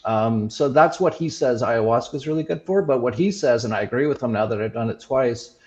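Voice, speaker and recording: A man hosting a talk show, telling a personal story in a casual, reflective way, often pausing and restarting with fillers. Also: medium pitch, darkish tone, highs cut off. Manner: halting, many fillers and restarts. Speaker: show host sharing his experiences.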